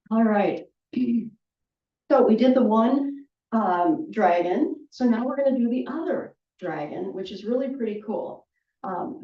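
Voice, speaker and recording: A woman leading a qigong movement class, calmly cueing each breath with chatty asides. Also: on the high side. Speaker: qigong instructor. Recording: roomy, distant, dull audio.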